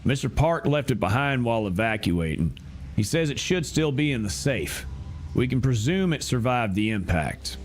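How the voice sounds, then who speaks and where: A man's voice: medium pitch, big pitch swings, moderate pace, slight background noise, lightly acted. A man doing a stiff mock-German schemer. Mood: conspiratorial. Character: shadowy male conspirator with a mock German accent.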